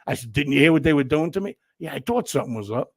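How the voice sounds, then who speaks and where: An older man, a guest telling stories in a casual interview, animated and profane, acting out what people said. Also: on the high side, racing, gravelly, slightly rough. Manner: animated, profane storyteller who acts out quotes.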